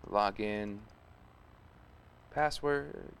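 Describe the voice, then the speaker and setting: Low-voiced man muttering through live coding. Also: drawn-out words, creaky, a little hiss or hum. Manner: thinking aloud, muttering and humming while typing. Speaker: live stream host coding. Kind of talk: casual live coding commentary.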